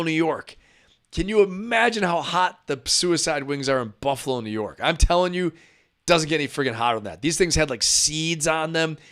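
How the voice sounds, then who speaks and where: A man's voice: fairly high pitch, a bit bright, clear, resonant tone. A middle-aged man hosting a live stream, reacting to clips in a casual, chatty way, laughing often and talking to his viewers.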